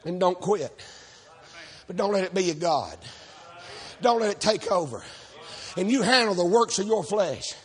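A man preaching, folksy and shouting, calling on the congregation for amens. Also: high-pitched, animated, unhurried, long pauses. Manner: folksy, shouting, calls for amen. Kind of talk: fiery preaching with stories. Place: church service.

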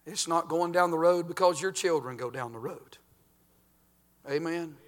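An older man, a pastor preaching a folksy sermon that swings between loud and quiet. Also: on the high side, moderate pace.

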